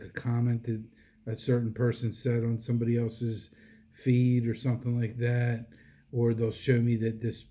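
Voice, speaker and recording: In a mid-range, dark-toned voice, a middle-aged man vlogs casually about his faith. His earnest, devotional monologue rambles with frequent fillers and restarts, and he sounds tired, even yawning.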